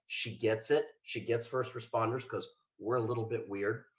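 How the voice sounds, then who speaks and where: A man's voice: medium pitch, fairly even intonation, moderate pace. Earnest older man, roomy dull recording. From Ohio. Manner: earnest, plainspoken, folksy with self-deprecating asides. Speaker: mental health liaison, former state trooper. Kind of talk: webinar presentation.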